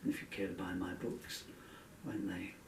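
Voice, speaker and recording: A man's voice: deep voice, level tone, moderate pace, a little hiss or hum. A man, a singer-songwriter chatting casually between songs in a rambling, earnest way that trails off. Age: 60s. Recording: echoey room, distant dull lo-fi mic.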